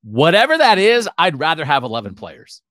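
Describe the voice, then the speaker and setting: A man's voice: on the high side, huge pitch swings, brisk, fairly bright tone, no room sound, clean studio sound. A man co-hosting a sports podcast, chatting animatedly and thinking aloud. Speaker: podcast co-host. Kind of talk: casual sports talk podcast.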